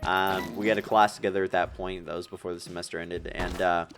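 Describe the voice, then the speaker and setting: Over music, an eighteen-year-old speaks fairly quickly in a deep, steady voice. Casually gaming, he works through a long personal story in a rambling way, full of filler words and false starts, growing emotional and tearful with nervous laughter.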